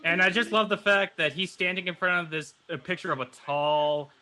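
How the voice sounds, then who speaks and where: A man's voice: high-pitched, brisk, pushed and bright, poor audio. A man cracking jokes in a mock-grand tone on a film commentary track. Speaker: cast member. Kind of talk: casual commentary chat.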